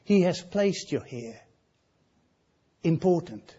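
A man preaching with a husky, higher voice that swings widely in pitch. He speaks slowly and emphatically, repeats his key phrases and asks his listeners questions. The sound is slightly dull and lo-fi. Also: animated. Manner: drops to a near hush on key lines, rises loud on others. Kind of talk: sermon.

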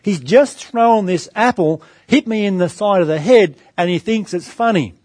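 A man's voice: high-pitched, lively intonation, moderate pace, darkish tone, no room sound. A middle-aged man preaching a sermon, calling his listeners friends and asking them rhetorical questions. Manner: storytelling anecdote with varied pace.

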